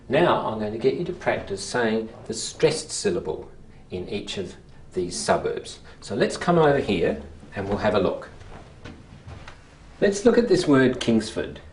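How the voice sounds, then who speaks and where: A language teacher explaining syllable stress to a class, modelling words slowly and deliberately, and prompting students with short questions. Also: medium pitch, a little mellow, a little hiss or hum.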